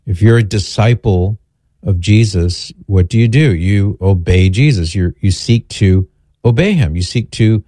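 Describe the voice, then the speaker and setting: A man's voice: fairly low pitch, mellow, dry recording. A man earnestly explaining scripture in a conversational teaching style, quoting passages at length as he answers a question. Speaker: Catholic apologist answering questions.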